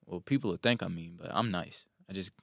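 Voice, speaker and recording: A man's voice: low voice, a little fast, gravelly, dry recording, studio quality. A man, a podcast guest, telling stories in casual chat and acting out the exchanges he recounts. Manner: animated storyteller, acts out quoted exchanges.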